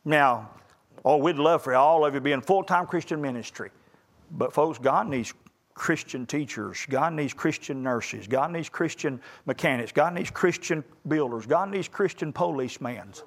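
A man's voice: fairly high pitch, moderate pace. Preacher man, emphatic sermon. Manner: rising to loud emphatic peaks, southern colloquial phrasing. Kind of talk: sermon to graduating young people.

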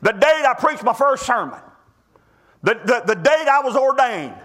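A man's voice: very high voice, sing-song, moderate pace, a bit bright. A middle-aged man, preaching a sermon in a folksy storytelling way, often stumbling and restarting his words.

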